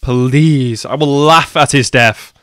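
A man giving a live reaction to an anime episode, his voice sitting at an ordinary middle pitch. He drops to low mutters and then bursts into loud, cursing shouts. The recording is close and dry. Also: takes it slowly, no echo. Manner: swings from hushed muttering to loud swearing outbursts.

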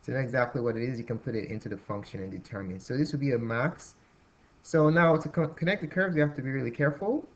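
A man's voice: mid-range voice, fast. A man teaching a calculus lesson at a whiteboard, thinking aloud with restarts and fillers. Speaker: math teacher. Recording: dull lo-fi recording.

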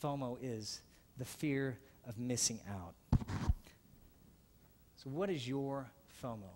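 A man preaching a sermon as pastor, earnest and swinging between emphatic passages and hushed, softly spoken ones. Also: mid-range voice, slow, a little hiss or hum.

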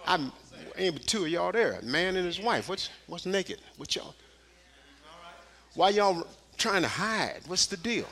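A man preaching a sermon in church, dropping to a hush and climbing to shouted, repeated rhetorical questions with folksy street phrasing. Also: high-pitched, big pitch swings, measured pace. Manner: preaching with swings from hushed to shouted calls. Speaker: pastor. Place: church sanctuary.

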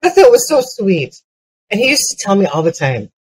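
An older woman delivers a keynote as a string of comic stories, building each one toward a punchline and pausing to restart her thoughts along the way. Her voice sits at an ordinary middle pitch. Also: slightly rough, low-quality recording. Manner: lively, punchline-driven anecdotes with frequent restarts. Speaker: keynote speaker. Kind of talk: comedic storytelling keynote.

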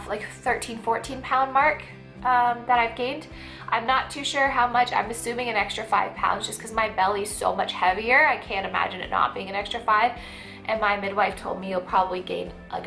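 A woman's voice: a little high, bright, forceful tone. A young woman vlogging in a casual chat to camera, stuffy and out of breath, talking with lots of fillers. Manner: chatty, many fillers and likes.

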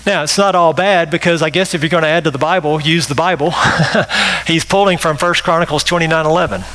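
Bright-voiced man preaching a sermon. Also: on the high side, low-quality recording. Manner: emphatic, repetitive preaching with rhetorical "right?". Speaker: pastor.

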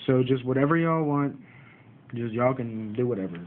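A man's voice: medium pitch, normal speed. A man rants to his viewers about rude comments on his card game videos, repeating himself and mocking commenters. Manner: frustrated, repetitive, mocks commenters. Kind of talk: ranting vlog to viewers. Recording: tinny phone-like audio.

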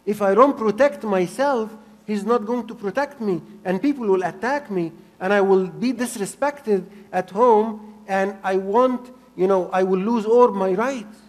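A man preaching a sermon in an earnest way, repeating phrases for emphasis and swinging between soft and loud. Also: high voice, measured pace, hardly any pauses, big-room sound. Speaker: pastor.

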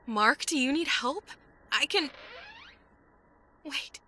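A woman's voice: high-pitched, takes it slowly, sharp tone, exaggerated voice. An actress voicing an anxious young woman, the player's girlfriend in a horror game, asking worried, pleading questions. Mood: alarmed. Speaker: game character.

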